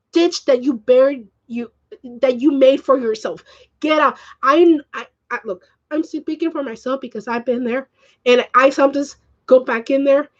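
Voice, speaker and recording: A woman's voice: high voice, dull audio. A woman vlogger ranting to the camera at home, upset and swearing, slipping in Spanish phrases. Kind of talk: emotional rant to camera.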